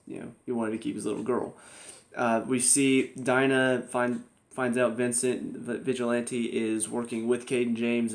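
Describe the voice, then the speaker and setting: A young man giving a casual spoken TV review, exasperated and sarcastic, often laughing at the plot. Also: medium pitch. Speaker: TV show reviewer.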